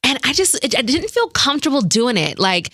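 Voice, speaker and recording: A woman radio broadcaster chatting as a podcast guest, expressive and dramatic, laughing easily. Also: sits high, brisk, breathy edge, no echo, clean studio sound. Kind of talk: casual interview chat.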